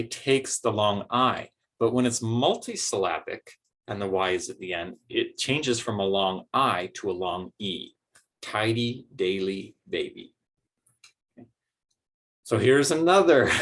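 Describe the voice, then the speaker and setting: A man's voice: fairly low pitch, a bit bright. A man teaching a recorded phonics lesson, explaining patiently step by step with some fillers.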